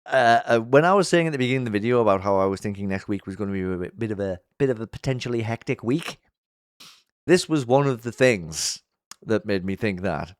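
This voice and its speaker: A man hosting a casual commentary vlog, chatty and upbeat, with lots of fillers and restarts, and his voice jumps high when he gets sincere. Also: animated, brisk, dry recording, clean studio sound. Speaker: YouTube show host.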